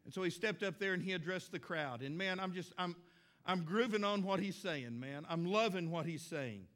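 Folksy, high-voiced middle-aged pastor. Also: male voice, moderate pace, a bit bright. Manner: folksy, conversational and emphatic. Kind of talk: sermon.

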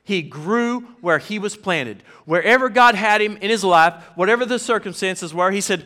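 A man's voice: sits high, moderate pace. A man with a Southern US accent preaching a sermon in a church, telling stories animatedly and acting out the quotes. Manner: animated storyteller, acts out quotes. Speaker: pastor.

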